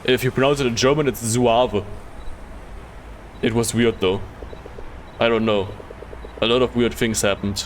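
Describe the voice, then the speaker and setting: A man's voice: mid-range voice, moderate pace, pauses often, slight background noise. A man streaming a game live, reading the dialogue aloud in a casual way, stumbling over words and swearing offhand.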